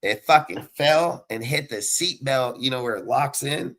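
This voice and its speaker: A young man telling a story in casual chat, swearing constantly and loudly acting out the sounds. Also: medium pitch, a little slow. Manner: profane, animated, mimics sounds loudly. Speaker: podcast co-host.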